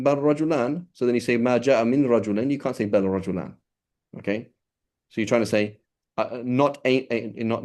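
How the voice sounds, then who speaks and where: In a classroom lecture, a man with a lowish, slightly mellow voice explains things loosely and conversationally. He often restarts and checks in with "right?", switching between English and quoted Arabic terms.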